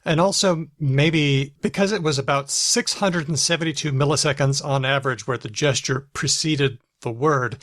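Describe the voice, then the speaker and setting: A man's voice: fairly high pitch, moderate pace, hardly any pauses, a bit bright, dry recording. Man co-host explaining research, dry sound. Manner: explanatory, discusses research studies. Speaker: podcast co-host. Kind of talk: casual chat. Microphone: video call.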